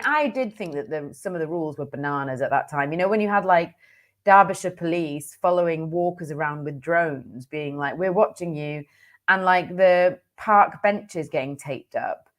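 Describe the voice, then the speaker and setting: A woman co-hosting a political chat, talking in an emphatic, conversational way with plenty of fillers. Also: fairly low pitch.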